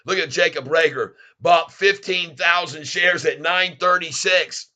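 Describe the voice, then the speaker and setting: Man, Southern accent, livestream host, effusive, very bright forceful tone, slightly high pitch. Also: unhurried. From Florida, US. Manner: excitable and effusive, thanks viewers often. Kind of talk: casual live stream chat.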